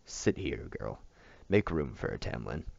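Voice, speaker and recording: A man voicing an ancient, domineering old patriarch in a storybook reading, dry, slow and commanding. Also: rumbling low, big pitch swings, creaky, a little mellow, no room sound, lo-fi sound, pitched below the performer's own voice, full character voice.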